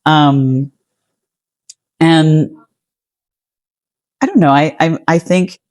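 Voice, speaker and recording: A woman's voice: deep voice, extremely slow, a little mellow, dry recording. Guest poet, woman, American accent with Australian and Kiwi touches, chatty, dry sound. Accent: American with some Australian and New Zealand traits. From United States. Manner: chatty, frequent "like" fillers. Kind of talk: casual interview chat.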